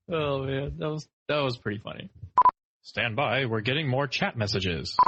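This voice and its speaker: A man's voice: medium pitch, normal speed, a bit bright, highs cut off, a little hiss or hum. A man co-hosting a podcast who chats casually in a playful, jokey way. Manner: playful, jokey, does silly voices. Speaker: podcast co-host.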